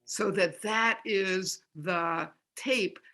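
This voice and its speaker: A woman speaks as an interview guest, coaching the listener through practical advice one step at a time. Her voice is bright and forward, pitched in a middle range. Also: drawn-out words. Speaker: interview guest, self-help author. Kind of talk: conversational interview.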